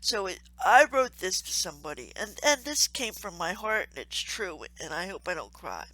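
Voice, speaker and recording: A woman hosting her own channel, speaking earnestly and warmly to camera, with frequent ums and soft laughs. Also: fairly low pitch, very animated, moderate pace, rough recording. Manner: earnest, heartfelt, with many ums and gentle laughs. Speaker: crafts channel host and Salvation Army volunteer. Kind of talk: casual to-camera appeal.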